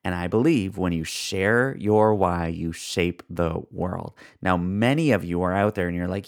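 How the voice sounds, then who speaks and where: Gravelly low-voiced man hosting a podcast. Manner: upbeat, stretches key words slowly for emphasis. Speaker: podcast host. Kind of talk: solo podcast monologue.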